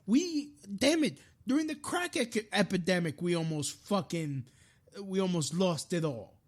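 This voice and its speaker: A man's voice: high voice, lively intonation, a little slow. Man, podcast host, live-streamed rant, frustrated, profane, many restarts.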